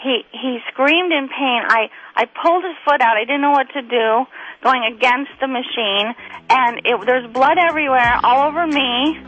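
A middle-aged woman, a guest comedian, telling rambling, excitable stories over a phone line. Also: sits high, normal speed, breathy edge. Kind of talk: chatty phone interview storytelling.

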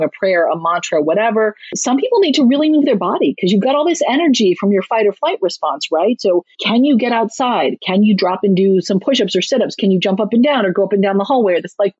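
Husky woman giving parenting advice. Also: medium pitch, no room sound. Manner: lively, animated, acts out quoted lines. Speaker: parenting author guest. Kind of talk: casual advice talk. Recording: dull lo-fi, dry sound.

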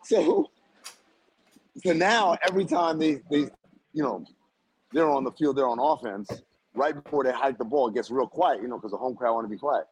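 A man on a podcast telling a story in a loud, animated way, laughing often and using lots of slang. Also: mid-range voice, normal speed, pauses often, slight background noise, rough recording. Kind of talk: casual chat.

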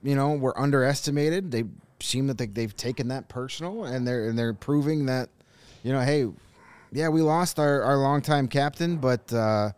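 A man co-hosting a sports podcast, talking in an easy, analytical way with plenty of restarts. His voice is clear and smooth, with a medium pitch. The sound is dry, with no room around it. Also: normal speed, a little mellow, no room sound. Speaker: podcast co-host. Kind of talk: casual sports chat.

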